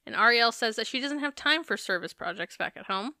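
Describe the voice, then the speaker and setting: Fairly quick and expressive, a woman with a high-leaning, sharp voice co-hosts a reality show recap podcast. She keeps it chatty, swears some and laughs while recapping. The clean studio audio has no echo.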